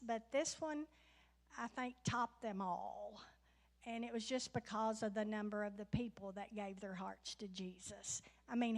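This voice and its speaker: A woman speaks earnestly to her congregation about a mission trip, starting her sentences haltingly. Her voice sits a little high and carries a long reverb from the church hall. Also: a bit bright. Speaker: mission trip member giving report. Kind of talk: casual testimony to congregation. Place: church sanctuary.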